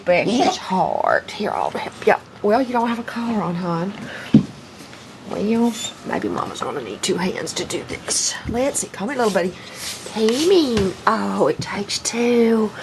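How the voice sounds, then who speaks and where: A middle-aged woman rambles fondly in a casual home video, cooing baby talk to her puppies. Her voice is gravelly with an everyday pitch. The handheld camera audio picks up a good deal of hiss and noise. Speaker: dog breeder. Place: bedroom at home.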